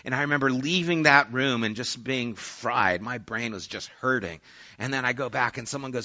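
A man's voice: mid-range voice, very animated, moderate pace, pushed and bright. A man preaching a sermon in a conversational way, sometimes acting out the voices in the story he tells. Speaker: pastor. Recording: dull lo-fi sermon audio.

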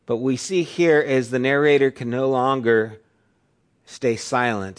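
Casting note: middle-aged male pastor, mid-pitched voice, relaxed storytelling sermon delivery. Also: measured pace. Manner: conversational storytelling, acts out quotes in raised voice.

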